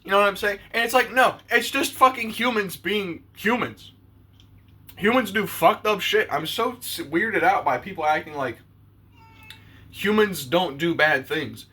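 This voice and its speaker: A man's voice: sits high, animated, moderate pace, long pauses, pushed and bright, breathy edge. A man talking to camera in a casual, blunt and profane rant on his own channel. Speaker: YouTuber.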